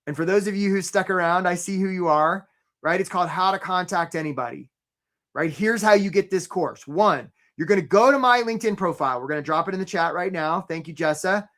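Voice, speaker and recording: A man hosting a live career webinar, chatty and energetic, tagging his points with "right?" and calling out attendees by name. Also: sits high, brisk. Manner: chatty, rhetorical "right?" tags, shout-outs to attendees.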